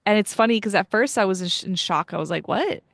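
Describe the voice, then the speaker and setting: Young female podcast host, chatty and heartfelt, gravelly edge, dry sound. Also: mid-range voice, fast, fairly bright tone, no room sound. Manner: emotional, chatty, many fillers. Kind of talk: casual interview chat.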